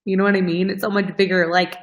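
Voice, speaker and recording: A woman host talks straight to her followers in a casual, heartfelt way. She is earnest and emotional, close to tears at moments, and her speech is full of fillers. Her pitch is in the middle range for a woman. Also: little pitch movement, fast, rough recording. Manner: earnest, heavy use of "like" as filler. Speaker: host of a fitness coaching show.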